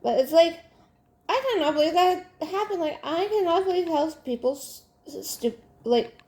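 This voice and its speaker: A woman's voice: very high-pitched, animated, normal speed, a little mellow. A young adult woman, venting in casual chat while she works on a craft, exasperated and full of fillers and restarts. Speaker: crafting vlogger. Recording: roomy echo.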